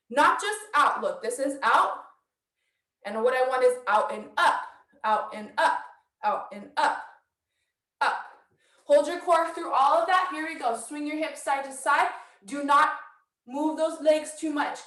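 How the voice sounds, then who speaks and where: A woman teaching a dance workshop, coaching brisk and counting steps, a little out of breath. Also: sits high, fairly bright tone, reverberant, distant mic, low-quality recording. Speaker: dance instructor. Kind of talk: online dance workshop instruction. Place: house.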